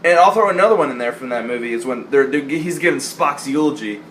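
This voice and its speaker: The recording is very noisy as a fast-talking young man with a mid-range voice and lively intonation counts down his favorite movie lines. Profane and jokey, he performs the quotes in goofy voices for his casual movie-list vlog.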